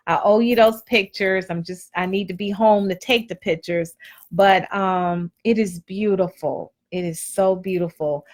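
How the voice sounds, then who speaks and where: A woman host giving blunt, preachy motivational advice in a casual live talk. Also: medium pitch. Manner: preachy and blunt, colloquial, repeats phrases.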